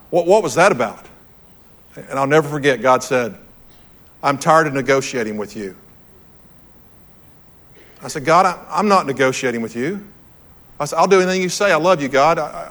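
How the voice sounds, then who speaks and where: A man's voice: on the high side, a bit bright. A man preaching to a room, telling a personal story in an earnest, storytelling way and repeating his key phrases. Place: church hall with audience.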